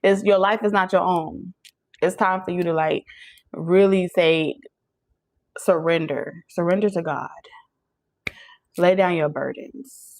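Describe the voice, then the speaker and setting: A woman's voice: lowish voice, steady tone, slow, long pauses, a little mellow. Chatty woman giving a tarot reading. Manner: chatty, emphatic, addresses listeners directly with frequent "okay?". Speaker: tarot reader. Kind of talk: channeled tarot reading, casual talk to camera.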